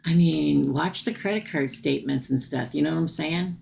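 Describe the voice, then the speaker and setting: A middle-aged woman with a hoarse, worn voice, hosting a casual live tarot reading, chatty and laughing often as she talks to the viewer. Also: low-pitched, moderate pace, a little mellow. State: hoarse, losing her voice.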